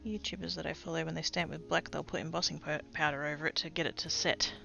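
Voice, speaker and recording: Australian woman, casual streamer, bright tense tone, rambly asides, faint music behind. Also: sits low, level tone, fast, vocal fry, dull audio. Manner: chatty, rambling, often trailing off into quiet asides. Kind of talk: casual livestream chat while crafting.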